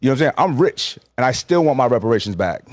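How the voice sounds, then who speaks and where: A man's voice: medium pitch, sing-song, fast talker, dry recording. A man from New York talking bluntly and emphatically as a guest in a casual podcast conversation, swearing freely.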